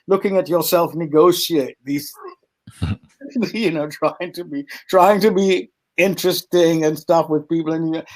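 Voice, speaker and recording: An older man with a British accent tells stories with animated energy, often laughing and stumbling over restarts. His voice sits a little high for a man. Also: low-quality recording. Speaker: actor guest. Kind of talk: storytelling in a podcast interview.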